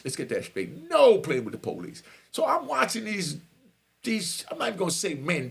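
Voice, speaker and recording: Animated gravelly man telling stories. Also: high-pitched. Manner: animated, slangy, keeps asking "you know what I mean". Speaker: storyteller. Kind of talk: casual storytelling.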